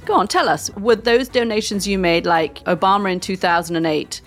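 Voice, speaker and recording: A woman co-hosting a podcast, asking direct questions and reading crisp promo lines. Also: medium pitch, brisk, soft background music. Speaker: podcast host.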